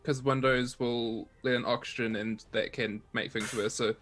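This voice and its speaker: Man, tabletop player, relaxed, jokey, narrates his character, middling pitch. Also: moderate pace, faint music behind. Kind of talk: casual tabletop game chat.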